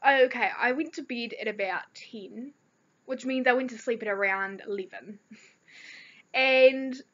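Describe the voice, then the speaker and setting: A woman's voice: fairly high pitch, fairly bright tone. Chatty teen girl with a New Zealand accent. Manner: rambling, chatty storytelling with fillers. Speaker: vlogger. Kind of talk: casual chat. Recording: dull lo-fi recording.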